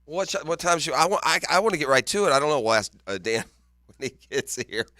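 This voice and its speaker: A man's voice: on the high side, expressive, brisk, pushed and bright, no room sound, studio quality. A man co-hosting a morning sports radio show, chatting casually, teasing and laughing often. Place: radio studio. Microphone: studio microphone.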